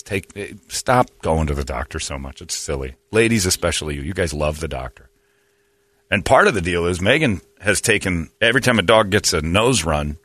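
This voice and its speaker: A man's voice: fairly low pitch, fairly bright tone, no room sound. A man in his fifties telling rambling, self-mocking stories in a casual comedic chat. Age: 50s.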